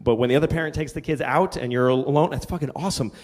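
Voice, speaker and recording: Male stand-up comic, a bit high, crude candid storytelling, long hall reverb. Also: rapid-fire. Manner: candid, crude, hesitant restarts then loud punchlines. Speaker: stand-up comedian. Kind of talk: stand-up set.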